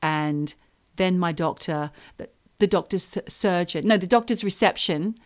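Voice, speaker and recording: A middle-aged woman co-hosting a casual chat, reading out a listener's story with lively swearing. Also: fairly low pitch, normal speed. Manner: expressive storyteller, swears freely. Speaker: podcast co-host.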